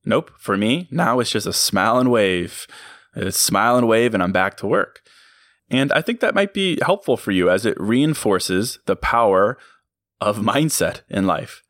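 A man's voice: on the low side, animated, a little slow, a bit bright, dry recording, studio quality. A man hosting a podcast, giving an earnest, reflective motivational monologue and chuckling at himself now and then. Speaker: podcast host.

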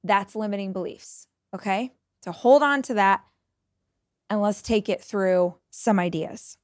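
A woman in her forties hosting a motivational podcast, talking in a blunt, energetic way and swearing casually. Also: medium pitch, unhurried. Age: 40s. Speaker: podcast host.

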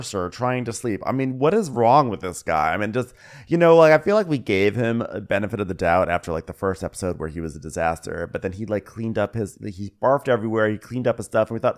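A man with a lowish voice co-hosting a podcast. He chats casually and slips into put-on voices when he quotes people. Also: lively intonation, quick pace. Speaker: podcast co-host. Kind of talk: casual recap chat.

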